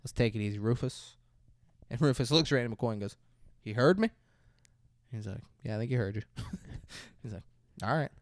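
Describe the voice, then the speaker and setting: A man's voice: medium pitch, lively intonation, fairly quick, pauses often, no echo, studio quality. A man co-hosting a podcast, retelling a movie's scenes in a casual, profane way and acting out the characters' lines. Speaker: podcast co-host. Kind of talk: casual movie review chat.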